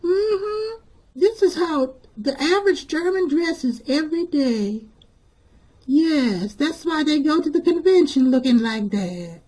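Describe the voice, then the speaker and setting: A man voicing a sassy, sharp-tongued churchgoing woman who drawls sarcastically and calls everyone honey, in a comedic character monologue. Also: very high voice.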